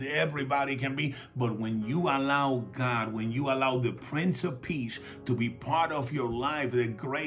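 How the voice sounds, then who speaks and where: A man preaching a sermon in a relaxed, conversational way, telling stories and acting out the dialogue. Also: mid-range voice. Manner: calls for audience responses. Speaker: pastor.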